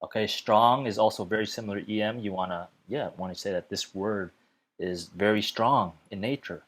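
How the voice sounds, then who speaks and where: A man teaching a web development lesson in a casual, chatty way, often filling pauses with "okay" and "uh". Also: fairly low pitch, fairly bright tone. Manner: chatty, fills gaps with okay and uh.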